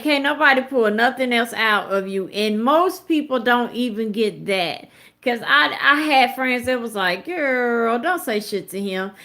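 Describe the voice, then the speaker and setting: A woman's voice: sits high, sharp tone. A woman in her thirties giving blunt, emphatic live commentary with plenty of profanity. She talks straight to her viewers in a casual, conversational way. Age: 30s. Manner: conversational, addresses viewers directly. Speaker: host of a live commentary show.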